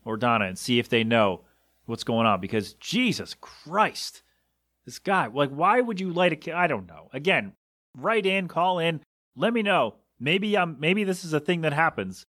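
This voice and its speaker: Solo podcast host, male, exasperated and rambling, slightly high, dry small-room sound. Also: fairly bright tone, no echo. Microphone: home podcast mixer setup.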